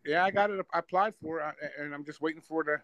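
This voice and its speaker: A man's voice: a little high, quick pace, a bit bright, dry recording. A middle-aged man with a New Jersey accent, talking brashly and with lots of swearing in a casual podcast chat. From Northeast US, New Jersey. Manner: brash, profane, boastful storyteller. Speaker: podcast guest, social media personality.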